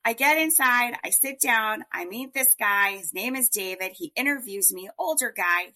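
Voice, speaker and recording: Chatty woman guest, bright voice, rambles a story with lots of likes and i'm-likes. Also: fairly high pitch, moderate pace, creaky. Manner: animated, chatty storyteller with many fillers. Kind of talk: storytelling in a podcast interview.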